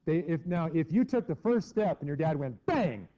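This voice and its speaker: A middle-aged man lectures a class on history, chatty and lively, breaking into mock voices for the people he quotes. His voice sits a little high for a man. The recording is dull and lo-fi. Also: normal speed, hardly any pauses. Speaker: teacher.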